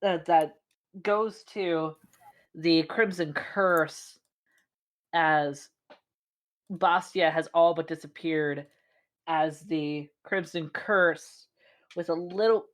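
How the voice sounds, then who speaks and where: A woman with a low voice narrates a tabletop fantasy battle as dungeon master. She talks slowly and haltingly, filling pauses as she finds her words. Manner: slow, halting narration with fillers.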